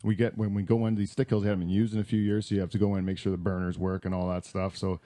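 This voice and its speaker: A man hosts a loose, rambling podcast chat, laughing often and restarting his sentences. His voice sits a little low and is picked up dry and close, with no room sound. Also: little pitch movement, racing, mellow, no echo. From Canada. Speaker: podcast host. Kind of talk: casual chat.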